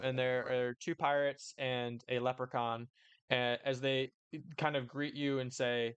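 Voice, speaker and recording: A man's voice: medium pitch, flat delivery, measured pace, clear, resonant tone, no echo. A man narrating as dungeon master, rambling with lots of fillers and small laughs. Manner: rambling, many fillers, laughs at own bits. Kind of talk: narrating a tabletop game.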